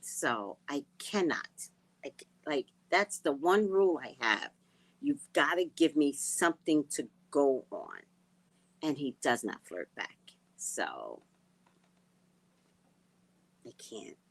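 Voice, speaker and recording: Low-voiced lady chatting with viewers, super swingy pitch, dry close mic, goes from quiet murmurs to loud bursts. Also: big pitch swings, slow, vocal fry, long pauses, dry recording, rough recording. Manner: chatty, giggly, drifts between murmurs and loud outbursts. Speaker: livestream host. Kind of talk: casual chat with viewers.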